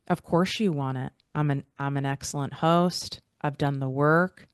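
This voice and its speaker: A woman's voice: low voice, unhurried, hardly any pauses, clear, resonant tone, no echo, studio quality. A woman hosting a podcast who leads a guided visualization, speaking in an encouraging, motivational way and asking the listener many questions. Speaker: podcast host.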